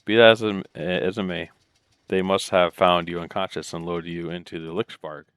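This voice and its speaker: A man's voice: sits low, fairly even intonation, normal speed, a bit bright, clear, resonant tone, dry recording, studio quality. A man voicing a kindly male priest with a soothing, musical, lilting way of speaking in a game.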